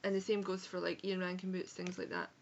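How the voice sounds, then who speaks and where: A woman's voice: on the low side, fairly even intonation, fairly quick, a little mellow, muffled recording, a little hiss or hum. A young woman with an Edinburgh Scottish accent, chatting frankly through a casual book review vlog, with swearing and self-corrections. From Scotland. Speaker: book vlogger. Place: home room on a rainy day.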